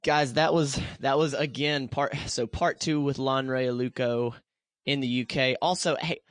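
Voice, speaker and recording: An American man co-hosts a podcast in a casual, earnest way. He encourages warmly and often doubles back on his words. The sound is dry and close. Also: mid-range voice, steady tone, unhurried, no room sound. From United States. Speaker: podcast co-host.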